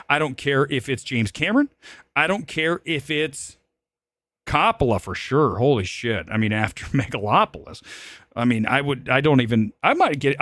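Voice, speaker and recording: Ranting film critic man, dry sound. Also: dry recording. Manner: animated rant with sudden loud high outbursts and swearing. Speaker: film critic and show host. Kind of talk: live-stream movie commentary.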